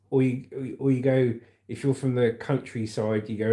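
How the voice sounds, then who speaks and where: A man with a southern English accent reads news stories aloud and keeps breaking off to chat casually with his viewers. His voice sits at a middle pitch. The sound carries the echo of a roomy space. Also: normal speed, a little mellow. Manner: casual, chatty asides, calls viewers mate. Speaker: livestream host.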